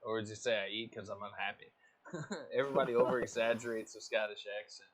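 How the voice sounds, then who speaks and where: An American man commenting on an online racing league, excitable and quick to hype close results. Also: lowish voice. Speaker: race commentator. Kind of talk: esports race commentary.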